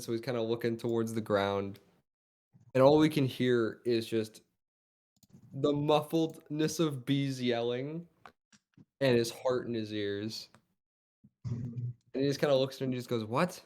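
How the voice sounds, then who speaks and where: Man, player, casual tabletop narration, loose delivery, middle pitch. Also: normal speed, long pauses, darkish tone.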